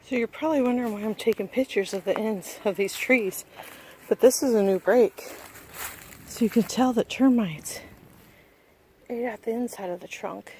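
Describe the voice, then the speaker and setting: A woman vlogging on a phone as she hikes through caves and woods, talking excitedly to the camera and out of breath at times. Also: on the high side, normal speed, a little hiss or hum. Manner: chatty, excited, talking to camera while walking. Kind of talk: casual hiking vlog. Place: outdoors in caves and forest. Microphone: phone held while walking.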